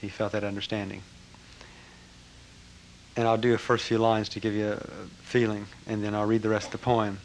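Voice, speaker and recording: An older man with a low-set voice recounts a personal story to a gathering. He speaks reflectively and a little haltingly, pausing and restarting as he remembers, with a faint hum of the room behind him. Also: low-quality recording. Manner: reflective, halting, with lively acted-out quotes. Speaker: speaker recounting a spiritual teacher.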